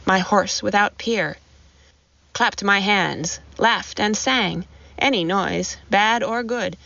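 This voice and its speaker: Slow, measured woman reciting poetry. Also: medium pitch, vocal fry, fairly bright tone, no echo. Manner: measured, rhythmic reading. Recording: dull, lo-fi recording.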